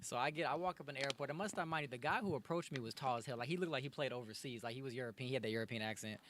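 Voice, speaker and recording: A young man talks quickly and in an animated way, with a bright, forceful edge to his voice. He is a guest on a casual podcast, spinning funny stories and often breaking into laughter. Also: medium pitch, a little hiss or hum. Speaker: podcast guest, actor and comedy sketch maker. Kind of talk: casual chat, storytelling.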